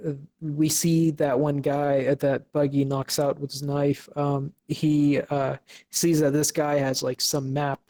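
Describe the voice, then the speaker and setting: A man's voice: a little high, a little mellow. A young man co-hosting a podcast, recapping an episode casually with lots of fillers and restarts. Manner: hesitant, many fillers and restarts. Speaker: podcast co-host.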